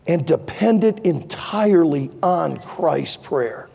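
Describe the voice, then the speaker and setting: An older man preaching a sermon as pastor, swinging from loud impassioned pleading to quieter conversational asides. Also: high-pitched, very animated, moderate pace, creaky, long reverb tail. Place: large church sanctuary.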